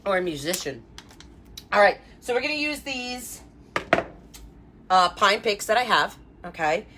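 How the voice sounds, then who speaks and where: A woman's voice: medium pitch, expressive, measured pace, pushed and bright, slight background noise. A woman who designs wreaths, hosting a chatty live craft tutorial and greeting her viewers by name. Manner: chatty and upbeat, many fillers and asides to viewers.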